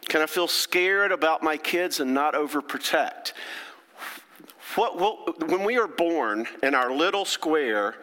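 A man's voice: a little high, expressive, measured pace, bright, forceful tone. A middle-aged man, a therapist giving a folksy, chatty talk to an audience and checking in with them often. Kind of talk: lecture to an audience. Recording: long hall reverb.

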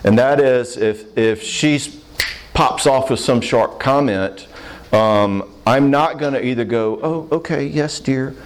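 Man, counselor, live audience Q&A, middle pitch, plainspoken, lively. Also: takes it slowly, a little hiss or hum. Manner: plainspoken, animated, acts out quoted voices. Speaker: counselor answering audience questions.

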